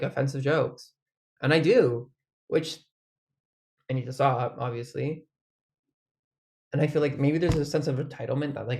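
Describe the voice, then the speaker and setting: Rambling man with a mid-pitched voice. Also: creaky, a little mellow. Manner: rambling, full of "like" and swearing, laughs often. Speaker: vlogger. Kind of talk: casual rambling monologue.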